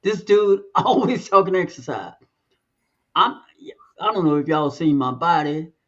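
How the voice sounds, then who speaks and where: A man's voice: a little high, animated, measured pace, a bit bright, muffled recording. A man co-hosting a podcast, talking in a loose, conversational way and drawing out the words he wants to stress. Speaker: podcast co-host. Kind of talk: casual chat.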